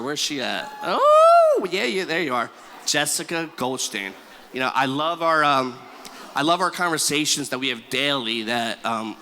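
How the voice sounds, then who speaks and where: A groom in his twenties gives a wedding thank-you speech in a reception hall, exuberant and stumbling as he calls out to the room. His voice is medium-pitched, bright and forceful. The hall sounds echoey, with faint ambience.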